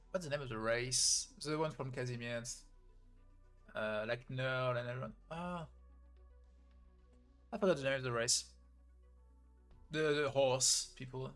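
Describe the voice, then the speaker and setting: A man's voice: mid-range voice, fairly bright tone. Hesitant man streaming a story game. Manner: hesitant, stammering restarts. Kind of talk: reading a game story aloud with commentary.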